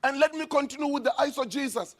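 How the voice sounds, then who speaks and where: A man preaching a sermon as a pastor in a church, emphatic, with sudden shouted lines. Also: extremely high pitch, fast talker.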